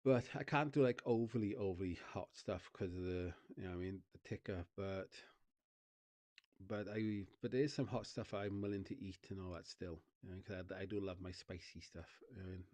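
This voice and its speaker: Deep and darkish, this man's voice moves fairly quickly on a dry recording. He's a streamer and vlogger from Wales chatting loosely with viewers, rambling, repeating himself, laughing frequently and often saying "you know what I mean."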